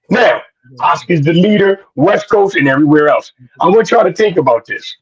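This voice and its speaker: A man co-hosting a boxing podcast, loud and preachy, full of slang, sometimes shouting. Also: a little high, breathy edge, lo-fi sound. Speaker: podcast co-host. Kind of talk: animated boxing talk.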